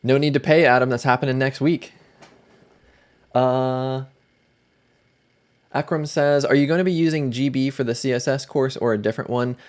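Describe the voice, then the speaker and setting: A man hosts a relaxed livestream from his desk mic. His voice sits at a middle pitch, and he chats loosely with viewers, greeting them by name. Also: normal speed, pauses often. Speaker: livestream host. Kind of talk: casual livestream chat.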